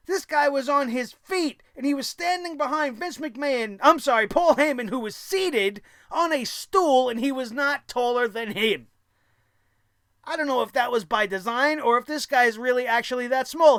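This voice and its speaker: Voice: high-pitched, fairly bright tone, no echo, studio quality. A vlogger ranting about a wrestling show in a profane, sarcastic, exasperated way.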